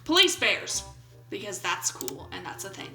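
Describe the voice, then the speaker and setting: A woman's voice: medium pitch, very animated, moderate pace, sharp tone, reverberant, soft background music, poor audio. A woman of about twenty-seven, commenting on a game in a playful, goofy way and reading its questions aloud. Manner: playful, goofy, jokes and brief put-on voices. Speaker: gaming YouTuber.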